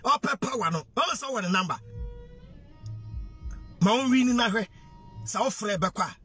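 A man's voice: sits high, expressive, moderate pace, fairly bright tone, breathy edge, soft background music. A man with a Ghanaian accent delivering an impassioned monologue to camera. He preaches, repeats himself and fires off rhetorical questions, switching freely between Twi, English and pidgin. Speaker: social media commentator.

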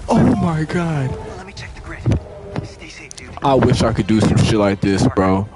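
A young man streaming a video game, reacting with loud excited exclamations and profane trash talk at the enemies. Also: medium pitch, takes it slowly, poor audio. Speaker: gaming streamer. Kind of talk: live gameplay commentary. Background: loud game music.

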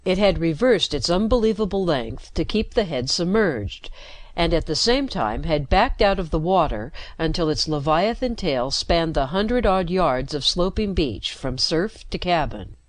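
A woman narrating a science fiction story with steady, dramatic pacing into a close mic. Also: fairly low pitch, normal speed, dry recording. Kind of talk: scripted narration.

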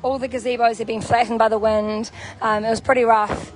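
Filming on a handheld phone, a young woman with a New Zealand accent chats and laughs her way through an outdoor camp while music plays close by. Her voice is on the high side and fairly quick, with a flat delivery despite her bubbly, chatty mood.

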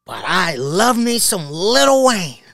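A man doing a slow, drawling smug pundit. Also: sits high, very animated, vocal fry, pushed and bright, no room sound, full character voice. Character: older male sports pundit, smug and gushing.

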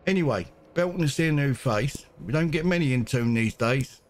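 A man's voice: mid-range voice, expressive, normal speed, close to an everyday voice. A man reading aloud a chatty northern male scrap merchant in a put-on Geordie accent, in a folksy, rambling way. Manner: folksy, rambling, read aloud from game text.

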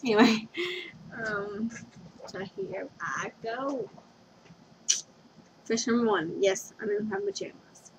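A woman's voice: medium pitch, takes it slowly, long pauses, noisy background. A young woman rambling through a casual confession vlog at home, giggly and scatterbrained, often losing her train of thought. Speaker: vlogger. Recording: dull lo-fi webcam recording.

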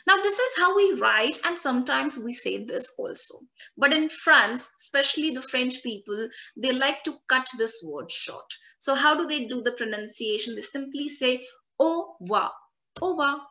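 A woman's voice: sits high, expressive, moderate pace, sharp tone. A woman teaching an online French lesson who repeats each word many times and encourages her learners. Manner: encouraging, calls out guesses and praise.

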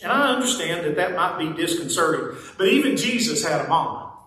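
Folksy pastor in an echoey sanctuary. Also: male voice, fairly high pitch, very animated, brisk, sharp tone. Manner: folksy, conversational preaching with playful asides. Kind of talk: sermon. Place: church sanctuary. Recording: very echoey church sanctuary, mic at a distance.

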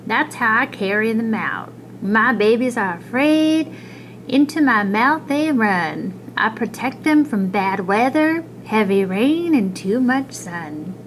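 A woman voicing a friendly, caring mother alligator in a storybook reading, speaking slowly in a raised voice. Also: on the high side, lively intonation, a little hiss or hum, low-quality recording.

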